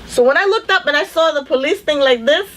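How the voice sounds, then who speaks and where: A middle-aged woman tells a personal story on a casual podcast. Her voice sits a little high, and she gets animated, switching voices for the people she quotes. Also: fast, slight background noise. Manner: animated, acts out quoted dialogue. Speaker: podcast co-host.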